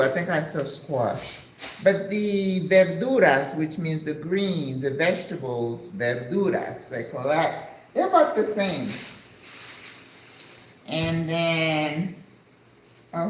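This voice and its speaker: Slow-talking woman in her sixties. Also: low-pitched, reverberant, a little hiss or hum, poor audio. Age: 60s. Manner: chatty, enthusiastic, sprinkles in Spanish words. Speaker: vlogger. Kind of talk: casual chat vlog.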